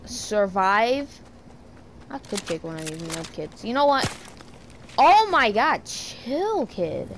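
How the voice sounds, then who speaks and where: A woman with a slightly high voice streams a shooter game from a room at home, giving casual commentary over faint background noise. She's excitable, yelping and exclaiming as the game unfolds.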